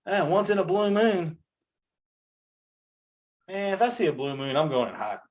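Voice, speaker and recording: A man's voice: high-pitched, animated, measured pace. A forty-three-year-old male comedian ranting in an exasperated, incredulous way about common sayings. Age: 40s. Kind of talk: comedic rant.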